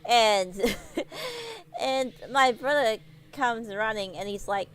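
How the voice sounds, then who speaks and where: A woman's voice: on the high side, very animated, slow pace, no echo. A woman streamer telling a story to her livestream, giggling often and rambling with many restarts. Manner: giggly, laughs often while telling stories.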